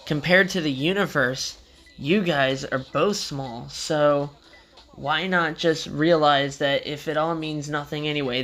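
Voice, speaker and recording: A man quoting a laid-back buddy's preachy pep talk. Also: medium pitch. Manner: preachy, swearing, calm and insistent. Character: laid-back young male friend giving a pep talk.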